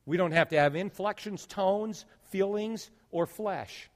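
A man's voice: high-pitched, measured pace. Fiery preaching man in a reverberant hall. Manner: dynamic preaching, swings between loud and hushed. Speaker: pastor. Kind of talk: sermon.

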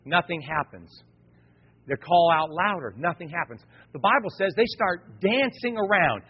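A man preaching a lively sermon as pastor, dropping into casual slang and talking straight to the congregation. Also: high voice, moderate pace, slightly rough. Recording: reverberant, dull lo-fi sound.

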